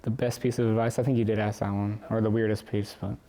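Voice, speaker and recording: A teenage boy answering interview questions for his school yearbook, relaxed and hesitant, with many fillers and restarts. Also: lowish voice, fast talker. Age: teens. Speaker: student interviewee.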